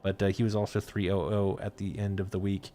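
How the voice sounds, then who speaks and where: Man, esports show host, low voice, relaxed, lots of ums. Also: brisk. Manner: lots of uh and um fillers, laid-back. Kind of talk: casual esports commentary.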